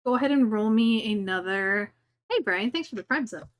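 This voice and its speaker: A woman running a tabletop game as game master, chatty and relaxed, with lots of fillers. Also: a little high, normal speed.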